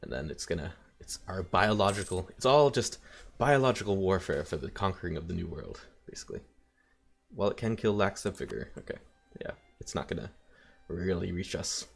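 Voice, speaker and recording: A man's voice: sits low, animated, fairly quick, gravelly, a little hiss or hum. A man casually commenting while playing a strategy game, thinking aloud with wry asides. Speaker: let's play host.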